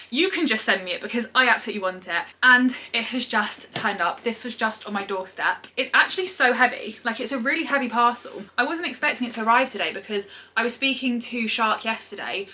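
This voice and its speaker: A young British woman vlogging casually at home, gushing and excitable, full of "literally" and "like". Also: fairly high pitch, a little fast, hardly any pauses. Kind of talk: casual vlog chat.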